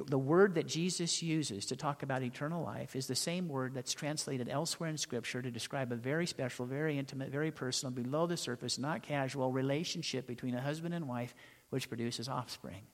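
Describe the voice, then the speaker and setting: Storytelling preacher in a reverberant hall. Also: male voice, medium pitch. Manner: storytelling preacher, rhetorical questions, dramatic pauses. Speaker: pastor. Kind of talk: sermon.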